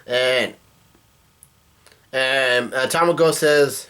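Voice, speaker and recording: A man's voice: mid-range voice, slow pace, long pauses, a bit bright, smooth. Rambling man recapping a comic. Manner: rambling with many fillers and restarts. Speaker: comic reaction vlogger. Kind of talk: casual chat reacting to a comic chapter.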